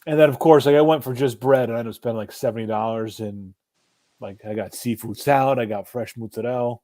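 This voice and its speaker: A middle-aged man in easygoing conversation who rambles through a story. He swears casually and laughs often, at a middle pitch. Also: fast, warm tone. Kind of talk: casual chat.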